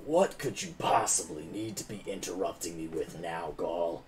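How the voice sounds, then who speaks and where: A man voicing a scheming male dwarf crime boss who bullies with mock friendliness and flares up quickly. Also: low-pitched, expressive, a little mellow, a little hiss or hum, voice pushed down. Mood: contemptuous.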